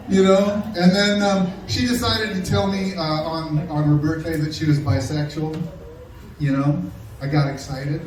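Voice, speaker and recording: A middle-aged male comedian delivers a stand-up set in a sarcastic, deadpan tone. His voice sits a bit high for a man. He is picked up from a distance in a very echoey club room with faint noise behind. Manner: sarcastic, deadpan storytelling with crowd work.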